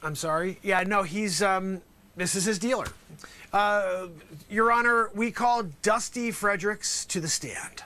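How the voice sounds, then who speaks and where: A man's voice: sits high, unhurried. A male host acting out an improvised courtroom sketch as a lawyer, talking theatrically and dropping into whispers for emphasis.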